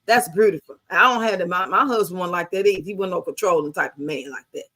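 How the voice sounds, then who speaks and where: A woman's voice: fairly low pitch, quick pace, a bit bright. An American woman in her fifties telling stories in casual chat, blunt and heavily profane. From United States. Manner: blunt, profane, emphatic storytelling.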